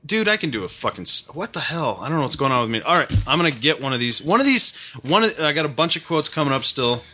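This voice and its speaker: A man from New England co-hosting a podcast, loud, profane and self-mocking, often breaking into laughter. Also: on the high side, sing-song, quick pace. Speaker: podcast co-host. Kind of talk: casual podcast banter.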